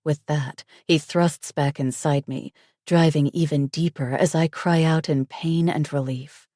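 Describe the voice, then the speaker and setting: Low, slow, intimate woman narrator. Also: steady tone, mellow, no room sound, clean studio sound. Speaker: audiobook narrator. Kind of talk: first-person romance audiobook narration.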